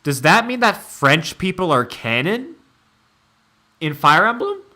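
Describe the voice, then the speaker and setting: A man's voice: high-pitched, very animated, unhurried, sharp tone. A man streaming a casual reaction to an anime, laughing, incredulous and profane.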